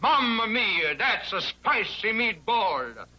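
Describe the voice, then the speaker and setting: A man acting in a vintage ad, putting on an exaggerated Italian-American accent and flubbing his line in a slow, drawn-out delivery. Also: sits high, sing-song, over loud music, exaggerated voice. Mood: hammy. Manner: flubbing lines, drawling. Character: adult male actor in an ad, hamming an Italian accent. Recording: archival ad audio with noise.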